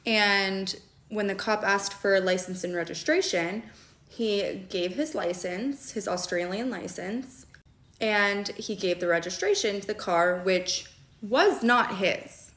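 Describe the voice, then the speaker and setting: A woman's voice: mid-range voice, lively intonation, fairly bright tone. A woman in her late twenties telling a personal story in a casual, candid way, often checking in with her listeners and swearing freely. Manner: candid and quick, with frequent "okay?" check-ins and swearing. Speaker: storyteller vlogger. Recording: roomy echo.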